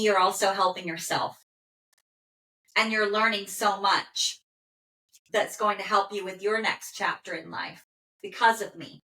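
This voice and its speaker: A woman working as an animal communicator, calmly relaying a dog's messages in first person and pausing often with "okay". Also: medium pitch. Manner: calm, soothing, with frequent "okay" pauses. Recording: roomy echo.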